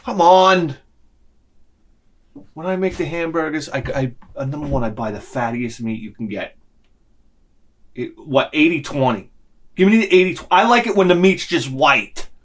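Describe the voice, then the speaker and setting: A man's voice: on the high side, normal speed, pauses often. A middle-aged man ranting through a casual, comedic vlog monologue, slipping into other people's voices as he goes. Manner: animated ranting, acts out lines in voices. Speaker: vlogger.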